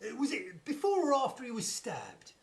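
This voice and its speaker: A man's voice: very high-pitched, wildly swooping pitch, moderate pace, exaggerated voice. A man acting a bumbling, pompous police inspector in a live stage comedy sketch, with stagey, stammering delivery. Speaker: comedy actor.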